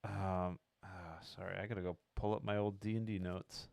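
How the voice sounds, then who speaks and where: Casting: deep-voiced male podcast co-host, halting, clear and smooth. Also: flat delivery, a little mellow, dry recording, clean studio sound. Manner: hesitant, many fillers, searches for words. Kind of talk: casual chat.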